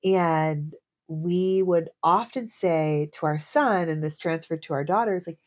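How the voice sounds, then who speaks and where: A woman's voice: sits low, unhurried, darkish tone. A woman in her thirties co-hosting a podcast, talking candidly and casually about parenting, with the odd swear word. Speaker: podcast co-host. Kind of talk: casual chat.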